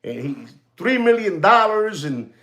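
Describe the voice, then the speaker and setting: Animated, sarcastic man. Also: high-pitched, measured pace. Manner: sarcastic, repetitive, switches into Spanish. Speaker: watchmaker and show host. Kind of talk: ranting monologue.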